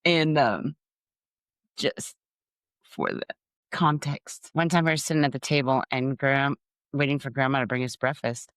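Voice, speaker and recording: A middle-aged woman hosting a podcast, telling humorous family stories in an animated way and laughing at her own jokes. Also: extremely low pitch, a little slow, long pauses, no room sound, clean studio sound. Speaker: podcast host.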